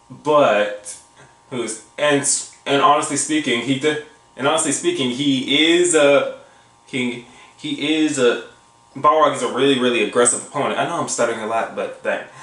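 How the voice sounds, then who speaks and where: A man hosting a reaction video, stammering through casual commentary and bursting into excited exclamations. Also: mid-range voice. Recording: echoey room, mic at a distance. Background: faint music from the video.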